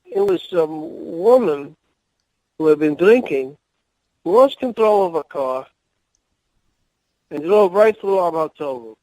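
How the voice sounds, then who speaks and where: A man's voice: fairly high pitch, lively intonation, slow, long pauses, darkish tone, no echo, low-quality recording. An older man, a former wrestling manager, telling rambling anecdotes as a guest in a podcast interview. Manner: rambling anecdotes with laughs and restarts.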